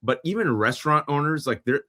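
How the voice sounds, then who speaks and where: A man's voice: on the high side, lively intonation, a little fast, bright, forceful tone. A man hosting a casual conversation, reflecting in an easygoing way. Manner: reflective, easygoing, short reactions. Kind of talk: casual chat.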